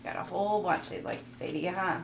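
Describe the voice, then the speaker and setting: Talking fast in a lowish, gravelly voice, this woman offers viewers a casual tarot reading that turns goofy at times. She reads each card's message aloud, and the room gives a noticeable echo over faint background noise.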